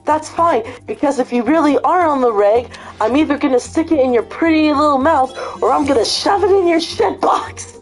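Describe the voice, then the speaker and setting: A woman's voice: high voice, lively intonation, moderate pace, few pauses, faint music behind, voice pushed up. Woman putting on Mario as a raging foul-mouthed plumber. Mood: menacing. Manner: raging, swearing, then fake-polite.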